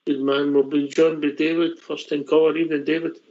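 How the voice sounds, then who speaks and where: A man's voice: a little high, flat delivery, a little fast, mellow. A man hosting a fan radio show casually, handing over to guests with short prompts. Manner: brief, hands over to guests. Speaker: host. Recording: dull lo-fi line.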